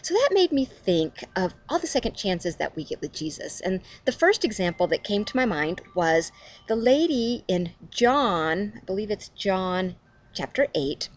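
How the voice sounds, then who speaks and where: A woman's voice: mid-range voice, big pitch swings, a little slow. A middle-aged woman hosting a casual devotional video, talking chattily to camera at home and laughing at herself.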